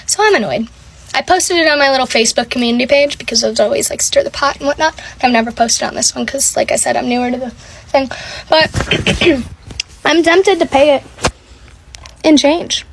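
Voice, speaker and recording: A young woman with a high voice tells a story in a casual vlog. She sounds exasperated and animated, and says "like" again and again. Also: normal speed, slight background noise. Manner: exasperated, animated retelling with many "like"s. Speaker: vlogger.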